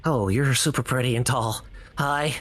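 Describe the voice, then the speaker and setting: A woman voicing a shy, excitable teenage tiefling boy who stammers and gushes in a tabletop role-play. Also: rumbling low, normal speed. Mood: flustered. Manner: stammering, eager, gushing.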